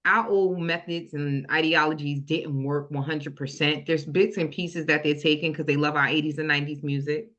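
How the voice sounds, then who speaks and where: A middle-aged woman hosts a casual podcast chat in a lowish voice. She tells personal stories and acts out the people in them. The recording sounds dull and lo-fi. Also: normal speed, few pauses. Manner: storytelling, animated when quoting her son. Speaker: podcast host. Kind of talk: casual discussion.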